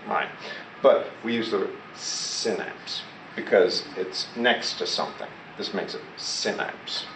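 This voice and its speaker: A man teaching a class, prompting his students to repeat words and answer his questions. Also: mid-range voice. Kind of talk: classroom lesson. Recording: echoey classroom recorded from far off with loud background noise.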